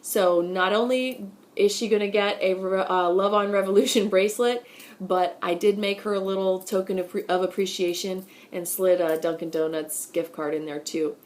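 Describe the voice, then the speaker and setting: A woman's voice: mid-range voice, steady tone, moderate pace. A woman in her thirties talking in a chatty, effusive way into her phone from a car, as a vlogger. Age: 30s. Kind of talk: casual vlog talk to camera.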